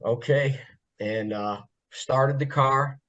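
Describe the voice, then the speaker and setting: A man's voice: medium pitch, takes it slowly, fairly bright tone. A man from the northeastern US, a podcast guest telling casual stories in a jokey, laughing way. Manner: jokey, laughs often, self-described funny guy. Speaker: podcast guest, former pit crew member. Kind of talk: casual storytelling. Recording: slightly dull lo-fi audio.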